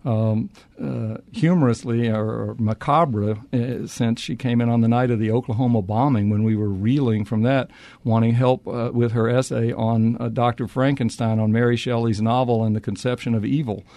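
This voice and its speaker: A man's voice: medium pitch, fairly even intonation, normal speed, dark tone, no echo. A man, an author answering interview questions with many restarts and fillers. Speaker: author and historian.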